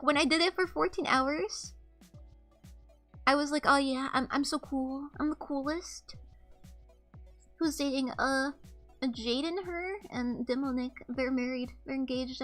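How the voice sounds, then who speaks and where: A woman's voice: sits high, sharp tone. A young woman streaming live, chatting casually and reading chat messages aloud in a playful, self-mocking way.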